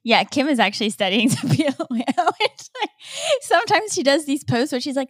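A woman's voice: high-pitched, expressive, fairly quick, dry recording, studio quality. A young woman co-hosting a casual gossip chat, blunt and judgy, swearing freely. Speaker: podcast co-host.

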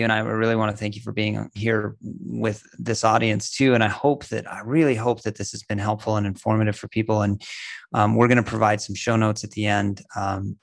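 A male host with a gravelly, flat voice talks in an earnest, halting manner. The sound is dry, with no room around it. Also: lowish voice, no echo. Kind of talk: casual interview talk.

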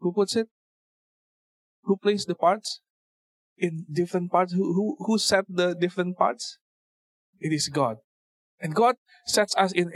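A man's voice: on the high side, no room sound. A man giving an informal church talk with scripture reading, speaking conversationally with many fillers and repeated words. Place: church service venue.

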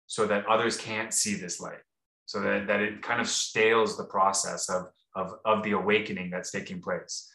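On a podcast, a male co-host with a lowish, bright and forceful voice tells a rambling, casual story full of restarts and fillers. The recording has a roomy echo.

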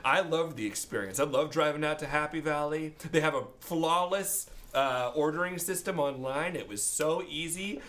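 A man's voice: a little high, normal speed, hardly any pauses, a bit bright. A man co-hosting a podcast, rambling and joking in casual chat and laughing often. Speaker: podcast co-host.

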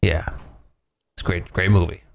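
A man's voice: little pitch movement, moderate pace, gravelly. A man hosting a podcast, rambling and swearing in casual, joking banter. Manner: profane, rambling, jokey, big pitch jumps. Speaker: podcast host.

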